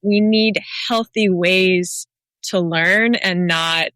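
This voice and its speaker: A woman's voice: fairly low pitch, slow pace, a bit bright, smooth, no room sound. A woman hosting a podcast, sharing earnest, thoughtful reflections in casual conversation. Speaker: podcast host.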